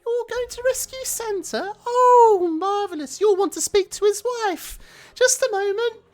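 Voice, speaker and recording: A man doing a falsetto sweet old granny. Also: a little slow. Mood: delighted. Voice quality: quavering falsetto. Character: sweet elderly woman answering the door.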